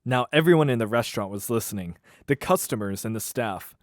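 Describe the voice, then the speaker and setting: A man's voice: mid-range voice, expressive, fairly quick, hardly any pauses, dry recording. A man in a small, dry room reads a book aloud and keeps breaking off with wry, disbelieving asides. His voice sits in the middle range, close to the mic. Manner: incredulous, wry commentary. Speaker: YouTuber reading a book aloud. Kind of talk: comic read-aloud with asides.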